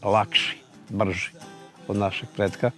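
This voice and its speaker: A low-voiced man narrates a folk tale in an even, flat tone without hurrying. Guitar music plays faintly behind him. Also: a little slow. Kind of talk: storytelling narration.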